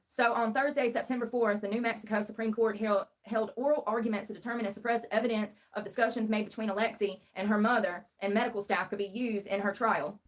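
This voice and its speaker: Rambling sarcastic woman streamer. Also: mid-range voice. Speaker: live streamer. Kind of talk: livestream true-crime commentary.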